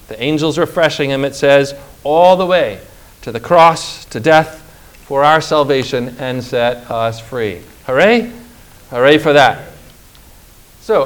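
A middle-aged man preaching a sermon, emphatic and slow, with dramatic pauses and rhetorical questions. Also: a little high.

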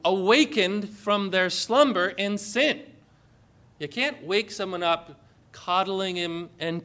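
Bright, high-voiced man preaching boldly. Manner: bold, emphatic preaching with sarcastic asides. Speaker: pastor. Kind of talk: sermon.

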